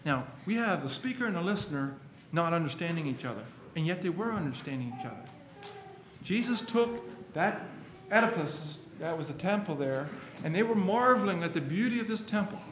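A man's voice: a little high, lively intonation, brisk, a bit bright, reverberant, a little hiss or hum. A man preaching a sermon, earnest and emphatic, quoting scripture at length.

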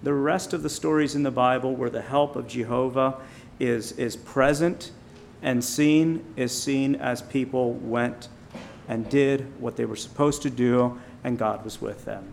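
Gravelly preacher with emphatic rises. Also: male voice, mid-range voice, steady tone, a little hiss or hum. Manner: emphatic, rising loud on key phrases, slowing on quiet points. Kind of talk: informal sermon.

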